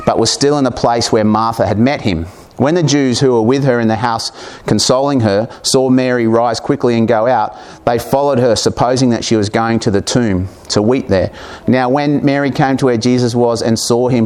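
A man's voice: medium pitch, a little mellow. A man preaching a sermon, reading scripture aloud and breaking off into casual, humorous asides to the congregation.

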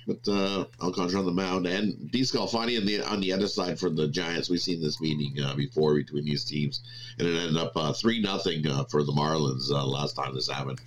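Deep-voiced man rattling off betting picks. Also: a little hiss or hum. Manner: rapid, many filler uhs. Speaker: podcast co-host.

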